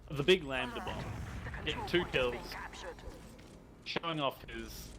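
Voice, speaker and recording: A man's voice: mid-range voice, measured pace, a crowd in the background, rough recording. A man giving casual, chatty analysis as colour commentator on a live esports broadcast.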